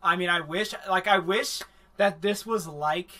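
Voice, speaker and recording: A man hosting a livestream anime review, recapping the plot in a rambling, profane, animated way. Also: high voice, unhurried.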